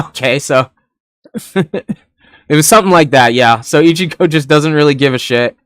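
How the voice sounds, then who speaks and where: A man's voice: a little high, measured pace, long pauses, a bit bright, smooth, no room sound, clean studio sound. Rambling young man reviewing anime. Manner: rambling, laughs often, casual swearing. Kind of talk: casual episode review.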